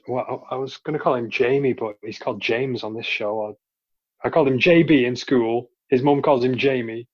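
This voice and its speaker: A man co-hosting a podcast, teasing his friend and rambling through his points. His pitch is ordinary for a man. The recording sounds dull and a little lo-fi. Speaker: podcast co-host. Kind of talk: casual chat.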